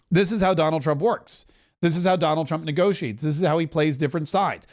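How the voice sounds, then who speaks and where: High-voiced talk host, animated commentary. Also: male voice. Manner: animated, mocking, does quick voices for others. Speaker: political talk show host. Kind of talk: opinionated commentary.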